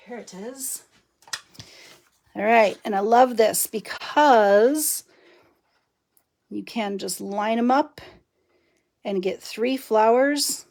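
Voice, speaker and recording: A woman's voice: a little high, a little mellow. Middle-aged woman, live craft demo host, easygoing and chatty, laughs between steps. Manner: chatty, laughs often, talks while working. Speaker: card-making demonstrator.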